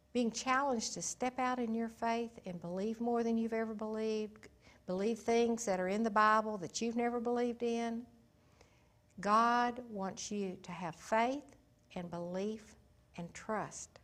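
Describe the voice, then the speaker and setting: A woman giving an informal Bible teaching in a folksy, emphatic way, swinging between soft and loud. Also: fairly high pitch, measured pace.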